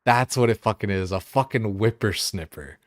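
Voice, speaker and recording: Deep-voiced young guy streaming, rambly and sweary, lots of "like", dry close sound. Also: lively intonation, moderate pace, no echo. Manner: rambling, profane, heavy filler words. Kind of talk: casual chat while gaming.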